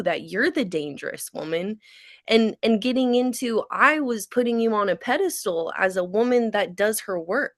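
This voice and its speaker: A woman's voice: fairly high pitch, expressive, moderate pace, dry recording, clean studio sound. A woman co-hosting a podcast, talking in a frank, emphatic casual way and laughing readily. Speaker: podcast co-host. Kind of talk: casual chat.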